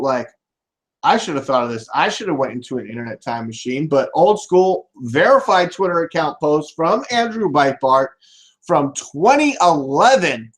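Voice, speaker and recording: Brief: male podcast host, slightly high voice, crude and ranting, shouts at random. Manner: swearing, ranting, jumps to loud shouts. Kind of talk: live podcast rant.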